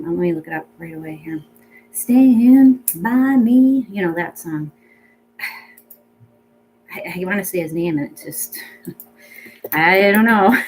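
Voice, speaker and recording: Woman medium, warm-hearted and weepy, lots of ums, soft reassuring tone. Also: lowish voice, a little hiss or hum, poor audio. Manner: emotional, tearful at times, many fillers, soothing reassurance. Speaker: pet medium. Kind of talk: casual spoken reading to a client.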